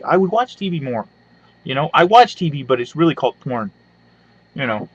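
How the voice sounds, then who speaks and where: A man's voice: mid-range voice, expressive, moderate pace, long pauses, breathy edge, dry recording. A man doing a profane, rambling, sarcastic comedy rant, with lots of hums and side remarks, recorded on a webcam at home. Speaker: webcam vlogger. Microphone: webcam mic. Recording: dull lo-fi webcam audio.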